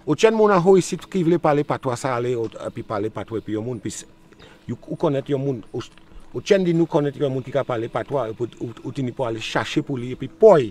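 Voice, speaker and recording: This older local man from Trinidad and Tobago, with a Trinidadian accent, gives a casual outdoor interview in his village. His darkish, mid-range voice is expressive and fast as he shifts between patois and English and repeats himself.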